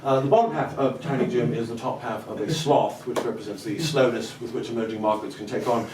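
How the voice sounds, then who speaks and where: A man's voice: mid-range voice, fairly even intonation, a little fast, noisy background, pitched below the performer's own voice, lightly acted. A man playing an impatient corporate CEO who talks in businesslike stammers. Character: brusque American male corporate CEO. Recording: roomy live club, distant mic, audience laughter.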